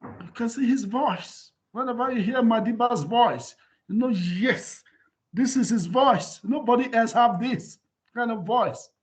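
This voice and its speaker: A man, a professor, giving a university lecture in an animated way and often asking his students whether they follow. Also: very high voice, measured pace. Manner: animated, repeats "can you see?". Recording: dull lo-fi lecture recording.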